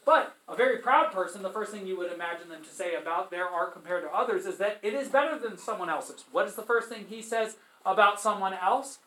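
A man teaching a literature class in a high, bright voice. He talks casually and puts rhetorical questions to his listeners. The echo of the room carries his voice around. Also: fairly quick. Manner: conversational, asks students rhetorical questions. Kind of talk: literature lecture with read-aloud passages.

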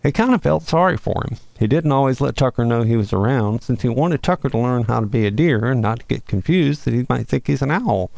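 A man hosting a show and reading a children's Christmas story aloud in a folksy, expressive way. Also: mid-range voice, a little fast, vocal fry, few pauses, dry recording. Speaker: host and storyteller.

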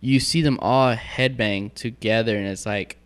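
Smooth-voiced man telling lively stories. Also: fairly low pitch, measured pace. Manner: animated storyteller acting out quoted dialogue. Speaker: podcast guest. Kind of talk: casual panel chat.

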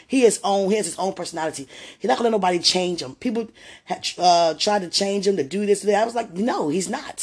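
A man rambling in a heartfelt personal monologue to a loved one, tender and religious, often sinking to soft murmurs. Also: a little high, creaky, husky. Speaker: partner speaking to a loved one.

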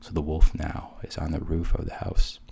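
A man casually retelling a fairy tale in a relaxed, conversational way, with asides. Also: extremely low pitch, normal speed, creaky. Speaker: storyteller.

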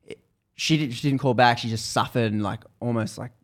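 A man's voice: mid-range voice, brisk. A man hosting a podcast, casually retelling a book's story in a loose, rambling way with many restarts.

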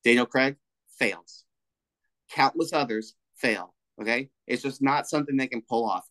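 A man's voice: mid-range voice, normal speed, bright, forceful tone, no echo, rough recording. Male podcast co-host: casual, emphatic, swears freely, dry close sound. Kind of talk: casual chat.

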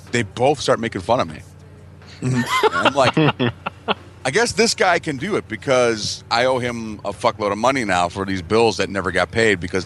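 A man's voice: on the low side, a bit bright, a little hiss or hum. A man on a podcast telling casual, profane stories, laughing and acting out what people said. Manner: profane, laughing, acts out quotes. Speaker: podcast regular. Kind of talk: casual storytelling chat.

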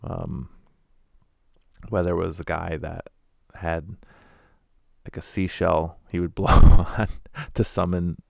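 A man's voice: low-pitched, flat delivery, slow, creaky, long pauses, dry recording, clean studio sound. A man telling wry, candid stories about going door to door as a preacher, acting out the people he met. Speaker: former door-to-door preacher telling his story. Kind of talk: casual storytelling monologue.

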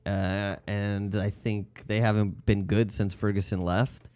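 A man with a lowish voice co-hosts a casual sports podcast, trading dry, deadpan quips. The recording is close and dead, with no room sound at all. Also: unhurried, clean tone, dry recording. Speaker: podcast co-host. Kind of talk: casual chat.

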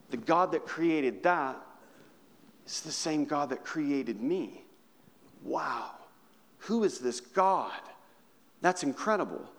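Man preaching in an echoing hall. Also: a little high. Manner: animated preaching, swinging from loud to hushed. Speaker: pastor. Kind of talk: sermon.

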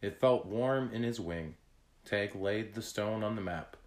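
A man narrating a children's chapter book aloud in a deliberate read-aloud manner. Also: fairly low pitch. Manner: slow, deliberate reading.

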